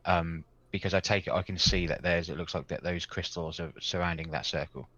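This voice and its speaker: Deep-voiced man playing a tabletop game. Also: fairly even intonation, fairly quick, a bit bright, slightly rough. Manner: casual, describes his character's actions in third person. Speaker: player. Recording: dull lo-fi dry mic.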